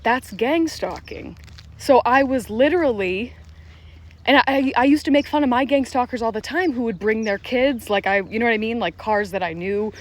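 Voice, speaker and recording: A woman vlogger with a slightly high voice, speaking straight to her camera in a loose, unscripted monologue. She talks quickly and with emphasis, swearing freely and filling her sentences with "literally" and "like.". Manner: fast, profane, emphatic, heavy use of "literally" and "like". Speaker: TikTok creator. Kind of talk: casual vlog monologue.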